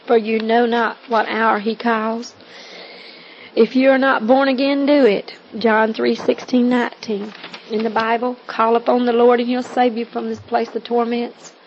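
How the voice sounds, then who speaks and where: A woman recounting her testimony as a taped sermon, earnest and pleading, slowing to stress her words. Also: on the high side, a little mellow. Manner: earnest, pleading, slow and emphatic. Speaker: evangelist telling her testimony. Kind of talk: recorded testimony sermon on tape. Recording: dull lo-fi tape recording with faint hiss.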